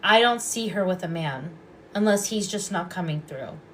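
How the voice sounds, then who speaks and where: A calm woman with a fairly low voice gives psychic readings on a live stream. She speaks softly and unhurriedly and comes back to the same phrases again and again. A faint hiss sits under her voice. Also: moderate pace. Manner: calm, soft-spoken, repeats phrases. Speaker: psychic reader and past life regressionist.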